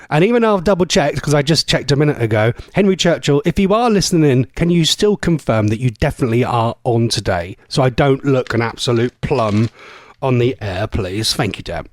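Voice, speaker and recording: A man's voice: a little high, no room sound, studio quality. A man hosting a live local radio show, chatting casually and rambling with self-mocking asides. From England. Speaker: radio host. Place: radio studio. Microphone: studio mic.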